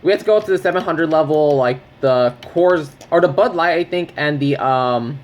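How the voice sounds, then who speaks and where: A man's voice: fairly high pitch, moderate pace. A young man venting in a casual, profane, rambling rant while playing a video game at home. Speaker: gaming vlogger.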